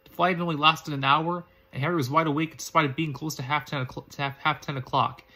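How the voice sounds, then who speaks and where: A man reads a fan story aloud in a husky, breathy voice. He reads fast and pitched a bit high. He stumbles often and restarts words. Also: fairly even intonation, pushed and bright. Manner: halting, frequent restarts and slips. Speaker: reader.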